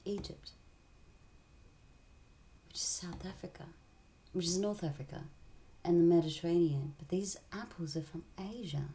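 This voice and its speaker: Rambling woman, low-pitched. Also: normal speed, pauses often, warm tone, slight background noise. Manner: tangential, drops into whispered asides. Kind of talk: rambling casual monologue.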